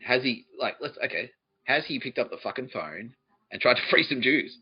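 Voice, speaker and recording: A man's voice: medium pitch, big pitch swings, normal speed, slightly rough, highs cut off. A man hosting a podcast, telling a rambling, profane comic story and mimicking people's voices. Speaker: podcast host. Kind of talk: comedic storytelling monologue.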